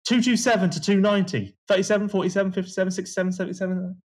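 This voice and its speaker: Guy breaking down a race on a podcast, husky voice, high and bouncy. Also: very fast. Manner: animated, opinionated analysis. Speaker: podcast co-host. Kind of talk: casual motocross chat.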